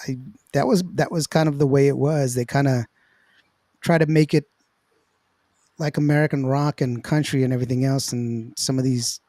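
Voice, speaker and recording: A man's voice: medium pitch, fairly even intonation, moderate pace, long pauses, warm tone, no echo, clean studio sound. A man hosting a casual interview, talking in a loose, rambling way with lots of fillers. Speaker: interview host.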